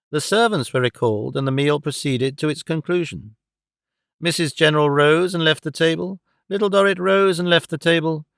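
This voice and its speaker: A man narrating a classic novel audiobook with a steady, expressive reading. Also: on the high side, clean tone, no echo, clean studio sound.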